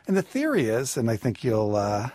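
A man giving personal finance advice on a radio call-in show, measured and explanatory with a wry touch. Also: medium pitch, wildly swooping pitch, darkish tone, dry recording.

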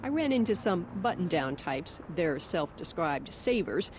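A woman radio reporter delivering a scripted news story in a lively, storytelling way. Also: on the low side, measured pace, slight background noise.

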